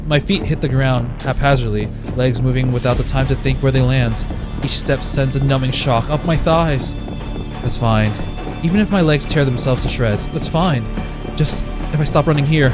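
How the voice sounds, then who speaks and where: A man reading a visual novel aloud in a dramatic voice, breaking off with laughing reactions, game music behind him. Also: mid-range voice. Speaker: let's play streamer.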